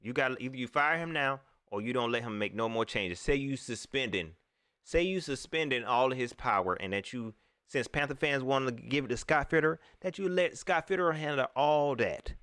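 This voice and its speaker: A man hosting a casual live-stream sports talk show, animated and repeating phrases, often laughing. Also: medium pitch, fairly quick, clear, resonant tone, dry recording, studio quality. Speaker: sports fan show host.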